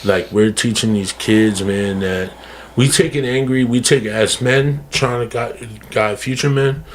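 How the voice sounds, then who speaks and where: A man with a mid-range voice speaks unhurriedly in a podcast studio, with slight background noise. A guest talking about mental health, he is earnest, casual and emphatic, often repeating words and calling people "bro."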